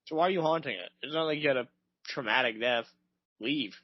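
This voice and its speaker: A man with a mid-range voice trades sarcastic jokes on a podcast. His delivery is deadpan and casual. The mic is close and dry, with a dull, lo-fi tone. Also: mid-range voice, brisk, no echo. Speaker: podcast co-host. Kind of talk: casual comedic banter.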